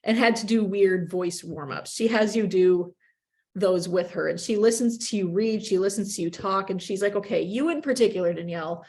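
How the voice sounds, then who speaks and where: Chatty upper Midwestern woman journalist. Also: mid-range voice. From upper Midwest of the United States. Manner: chatty and animated, quick bursts with self-corrections and laughs. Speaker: radio journalist, interview guest. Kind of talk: casual interview answers.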